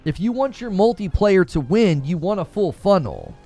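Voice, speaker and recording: Animated man streaming gaming news. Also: high voice, moderate pace, faint music behind. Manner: animated, talks straight to chat. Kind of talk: casual live stream chat.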